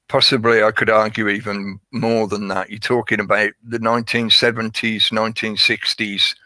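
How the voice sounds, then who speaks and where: A man's voice: lowish voice, flat delivery, moderate pace, bright, forceful tone, no echo, low-quality recording. A man hosting a casual livestream, talking at length in a rambling way and greeting chat viewers by name. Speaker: livestream host.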